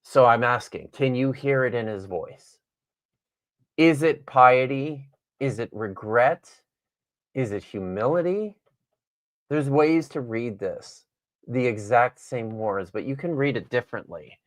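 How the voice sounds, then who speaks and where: A man's voice: mid-range voice, animated, a little slow. A man, a guest author and Bible scholar, talking in a podcast conversation and reading from his own book, thoughtful and wry with frequent restarts.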